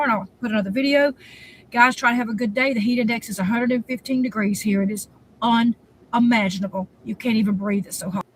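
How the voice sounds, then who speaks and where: A woman's voice: fairly high pitch, low-quality recording. Woman vlogger, rambling phone update, faint noise behind. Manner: rambling, chatty, repeats herself. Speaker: cat rescuer vlogger. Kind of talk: casual vlog update. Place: hot day, in or near her truck.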